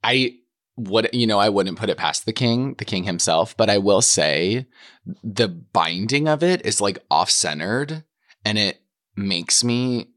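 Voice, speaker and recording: A young man co-hosting a comedy podcast, chatting casually and gossiping playfully, full of "like" and jumps into a high voice when quoting. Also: animated, measured pace, a bit bright, no room sound, clean studio sound. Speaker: podcast co-host.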